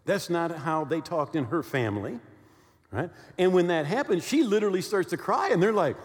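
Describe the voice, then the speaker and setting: A man in his sixties preaching a sermon, telling stories with lively asides and often asking his listeners "right?". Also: fairly high pitch, normal speed. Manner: animated storytelling with many "right?" check-ins. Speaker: pastor. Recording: long hall reverb.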